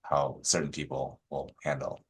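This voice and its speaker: A man, a real estate broker guest on a podcast, telling stories casually with lots of fillers and acting out the people he quotes. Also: breathy edge. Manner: animated, acts out quoted agents with rising pitch; many fillers, quick asides.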